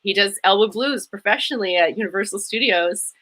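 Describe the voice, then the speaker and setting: A woman's voice: mid-range voice, brisk. A Canadian woman with a Canadian accent, chatting casually and animatedly on a live show. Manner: chatty, animated, laughs often. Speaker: tribute performer. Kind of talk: casual chat. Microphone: home setup.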